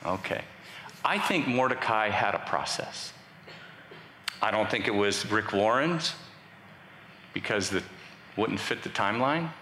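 A man's voice: lowish voice, expressive, measured pace, pauses often, pushed and bright, slight background noise. A man preaching a sermon to a congregation, conversational and joking with the crowd. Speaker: pastor. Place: church sanctuary. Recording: echoey hall, faint ambience.

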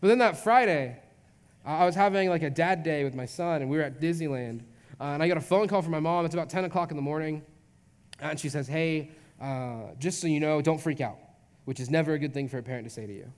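Chatty young pastor in a reverberant hall. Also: male voice, fairly high pitch, fast. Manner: casual, chatty, lots of "like". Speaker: youth pastor. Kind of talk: storytelling sermon.

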